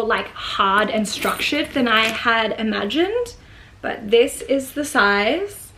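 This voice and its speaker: A woman's voice: mid-range voice, a bit bright, a little hiss or hum. A woman with an Australian accent chatting through a casual unboxing vlog at home, gushing and filling her talk with likes and ums. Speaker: vlogger.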